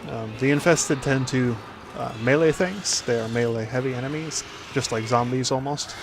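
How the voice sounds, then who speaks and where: A man's voice: medium pitch, normal speed, background noise. A man hosting a casual gameplay commentary, rambling with lots of fillers. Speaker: gaming video host.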